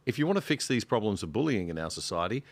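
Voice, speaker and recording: Lowish-voiced man, earnest and passionate. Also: sing-song, fast, dry recording. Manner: passionate, earnest, builds to indignation. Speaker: guest panelist, show host. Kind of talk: panel discussion.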